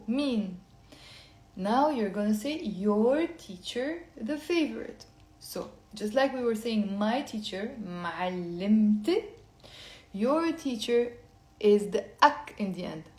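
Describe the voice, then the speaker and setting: A woman from Lebanon, teaching a live online language lesson and patiently repeating phrases slowly, then faster. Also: on the high side, darkish tone, echoey room.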